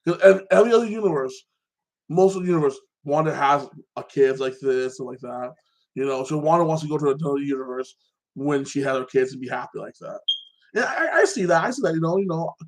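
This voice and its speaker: A man excitedly recapping a movie in a casual chat, rambling and filling his talk with fillers. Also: mid-range voice, brisk. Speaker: podcast host.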